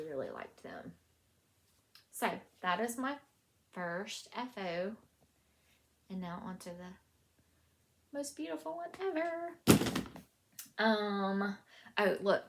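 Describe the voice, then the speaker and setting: Southern US woman, knitting vlogger; chatty, gushing show-and-tell at home, mid-range voice. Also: medium pitch. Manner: gushing, chatty, lots of fillers. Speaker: knitting podcast host. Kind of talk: casual show-and-tell vlog.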